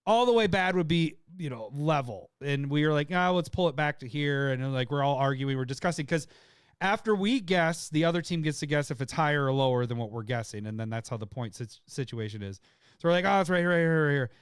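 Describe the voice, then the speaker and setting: A man co-hosting a podcast, telling a story in casual chat, laughing often and putting on loud voices of his friends. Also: a little high, a little fast, smooth, no room sound, clean studio sound. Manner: laughing, animated storyteller who shouts impressions of friends. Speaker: podcast co-host.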